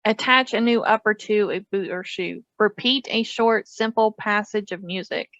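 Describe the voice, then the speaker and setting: A woman bantering on a comedy podcast with a dry, teasing manner. Her voice is middle in pitch. The mic sounds dull and lo-fi, and the sound is dry and close. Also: moderate pace, a bit bright, dry recording. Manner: dry, teasing, reads definitions aloud. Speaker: podcast co-host.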